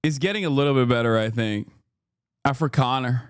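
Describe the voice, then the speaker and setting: A man's voice: medium pitch, a little fast, clean tone, no echo, clean studio sound. A man hosting a reaction stream, ranting with sarcasm and profanity in casual commentary. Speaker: streamer host.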